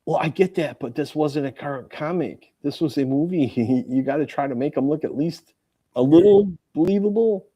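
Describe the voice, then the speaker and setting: A man's voice: on the high side, moderate pace, dark tone, slightly rough. A man co-hosting a live comics stream, chatting casually with a playful, teasing, jokey manner. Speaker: podcast co-host. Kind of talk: casual chat.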